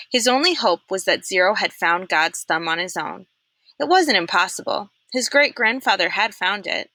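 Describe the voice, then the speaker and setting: A young woman reads a children's chapter book aloud with an expressive, animated delivery and puts on voices for the characters. Her tone is bright and clear, recorded dry and close to the mic. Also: mid-range voice, no echo. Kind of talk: read-aloud of a children's novel.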